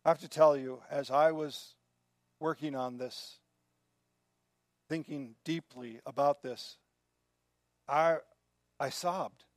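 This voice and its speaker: A man preaching a sermon in an earnest way, often dropping to a soft, quiet voice. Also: a little high, steady tone, slow pace, long pauses, no echo, studio quality. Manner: earnest, drops to soft quiet tones when moved. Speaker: pastor.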